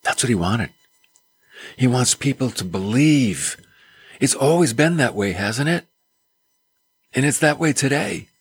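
Animated, husky-voiced male preacher. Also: mid-range voice, measured pace, long pauses. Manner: animated, conversational preaching with rhetorical questions. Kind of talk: sermon.

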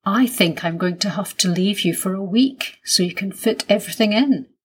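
A woman voicing a gentle, reassuring mother in a children's storybook. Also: mid-range voice, moderate pace, slightly rough, close to an everyday voice. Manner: soothing, lightly teasing.

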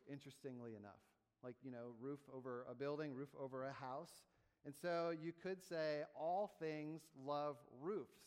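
A man preaching a sermon, moving between explaining and building emphatic repeated phrases. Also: fairly high pitch. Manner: emphatic rhythmic preaching with teaching asides. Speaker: pastor. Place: church sanctuary. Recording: long reverb of a church hall.

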